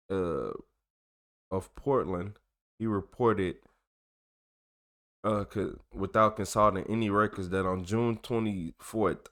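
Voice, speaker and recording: A man's voice: deep voice, a bit bright. A man hosting a channel, reading old documents aloud in a casual way, tripping over long words and breaking off for joking slang asides. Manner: stumbles over long words and corrects himself. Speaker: channel host.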